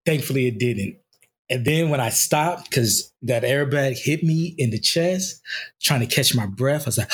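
Husky man telling his story candidly. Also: medium pitch, a little slow. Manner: candid, rambling storytelling with fillers. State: recovering from injury, in pain. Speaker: podcast co-host. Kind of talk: casual chat.

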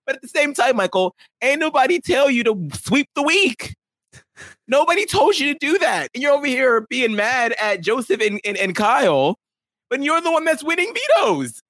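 A man's voice: very high voice, sing-song, normal speed, a bit bright, no echo. A man co-hosting a reality show recap podcast, teasing and laughing as he talks.

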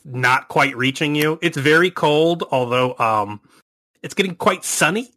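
A man's voice: on the high side, lively intonation, unhurried, pushed and bright. A man narrating a tabletop horror game as game master, with rambling, hesitant descriptions.

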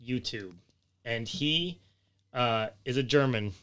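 Guy hosting a chat show, rambly and amused, smooth clean voice. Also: medium pitch, slow pace, a bit bright. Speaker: host. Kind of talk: casual chat.

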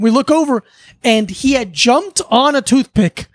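A man's voice: extremely high pitch, expressive, a little slow, no room sound. A man from South Florida co-hosting a podcast, telling a childhood story in earnest, rambling casual chat. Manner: earnest, rambling with fillers and restarts. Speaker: podcast co-host. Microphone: podcast studio mic. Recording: dry close studio sound.

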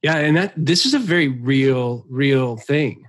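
Male podcast host, mid pitch, dry close-miked sound; affirming, hesitant restarts. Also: lively intonation, measured pace, dry recording. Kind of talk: conversational interview.

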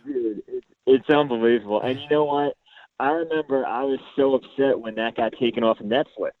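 A man's voice: medium pitch, brisk, phone-quality sound. A man guest on a podcast, chatting enthusiastically with lots of fillers. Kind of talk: casual chat.

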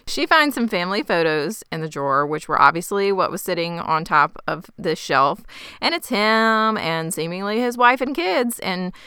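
A woman's voice: on the low side, moderate pace, clean tone, dry recording, clean studio sound. A woman co-hosting a casual podcast, animatedly retelling a TV episode and acting out the characters' lines. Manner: animated storytelling, mimics characters. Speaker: podcast co-host. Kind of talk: casual recap chat.

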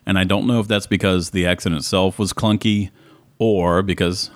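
A man's voice: sits low, fairly even intonation, normal speed, no room sound. A man co-hosting a casual movie review chat, rambling and correcting himself as he goes. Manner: rambling, self-correcting, enthusiastic. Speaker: podcast co-host.

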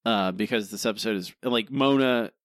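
A man co-hosting a podcast, chatting casually in an animated, exasperated way and laughing often. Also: on the low side, normal speed, no room sound. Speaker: podcast co-host. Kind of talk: casual chat.

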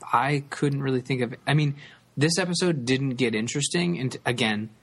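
A man co-hosting a casual podcast chat, halting and repeating words with many fillers. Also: mid-range voice. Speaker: podcast co-host.

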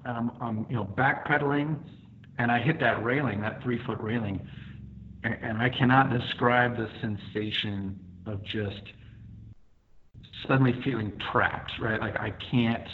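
A man's voice: medium pitch, fairly even intonation, a little fast. A firefighter guest telling his story vividly, step by step, with many fillers. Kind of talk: first-person storytelling. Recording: tinny phone-like line.

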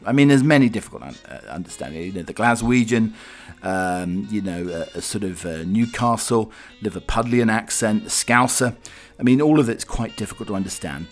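Man, low voice, podcast host, rambling chat, hesitant, faint music under. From Norfolk, England. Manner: rambling and hesitant, many "uh"s and restarts. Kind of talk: casual solo podcast chat.

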